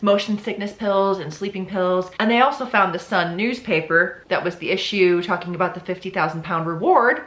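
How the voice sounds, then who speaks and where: Chatty woman with a bright voice. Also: mid-range voice, roomy sound. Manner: chatty and blunt, with swearing and asides. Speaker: vlogger telling a true crime story. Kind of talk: casual true crime storytelling.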